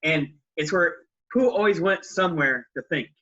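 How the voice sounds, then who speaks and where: A man talks casually on a podcast, breaking into lines from a film in a raised voice. His tone is bright and forceful and sits a little high. The audio is dull and lo-fi. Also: animated, normal speed. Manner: retells scenes acting out lines in raised voices. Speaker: podcast co-host.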